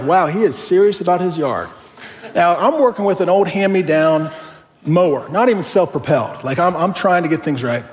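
A middle-aged man, a pastor, preaching a sermon in a conversational, animated way and telling a personal story with rhetorical questions. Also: high-pitched. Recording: long hall reverb.

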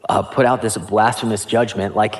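A man's voice: on the low side, little pitch movement, moderate pace. Conversational man preaching a sermon. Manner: conversational preaching with casual asides. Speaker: pastor.

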